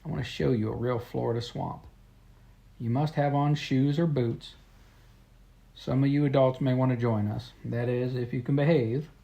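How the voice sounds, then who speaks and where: A man's voice: mid-range voice, steady tone, normal speed, gravelly, warm tone, lo-fi sound, close to an everyday voice. A man reading as a stern wagon captain. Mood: commanding. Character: stern older male wagon train captain.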